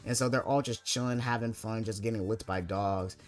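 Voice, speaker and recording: Young man, low-pitched, casual commentary, rambling, filler-heavy, faint background music. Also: steady tone, a little fast. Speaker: anime video essayist.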